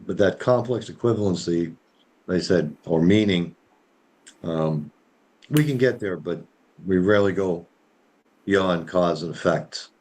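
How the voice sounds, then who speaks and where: Man, very low voice, rambling storyteller, many fillers, casual chat. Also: a little slow, pauses often, a little mellow. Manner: rambling, full of fillers, tells stories. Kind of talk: casual group discussion.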